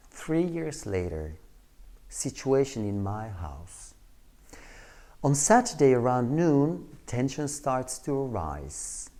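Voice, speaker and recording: A man giving a training lecture, telling an everyday story in an animated way and acting out the scenes. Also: mid-range voice.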